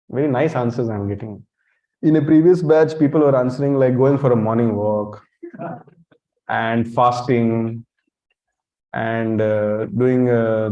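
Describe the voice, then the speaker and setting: On a dull, lo-fi recording, a monk lectures at a temple in a warm, medium-pitched voice. His style is teasing and blunt as he quizzes the crowd and singles out listeners by addressing them directly.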